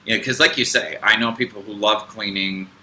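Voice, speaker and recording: A man's voice: on the low side, fairly even intonation, a little fast, pushed and bright, slight background noise, poor audio. A man co-hosting a spiritual podcast, talking in a rambling, hesitant way with many fillers and restarts. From United States. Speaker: podcast co-host. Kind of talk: casual spiritual podcast chat.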